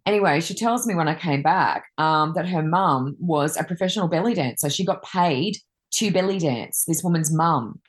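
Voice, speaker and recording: Chatty Reiki woman, low deep voice, rambling casual stories. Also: moderate pace. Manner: chatty, rambling, many fillers. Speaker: Reiki master and card reader. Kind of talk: casual chat, telling anecdotes.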